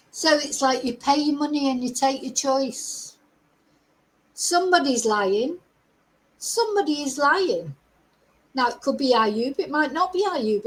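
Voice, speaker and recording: A woman's voice: high voice, low-quality recording. A middle-aged woman hosting a true crime livestream, opinionated and asking her viewers many rhetorical questions. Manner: opinionated, asks the audience lots of rhetorical questions. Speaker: true crime channel host.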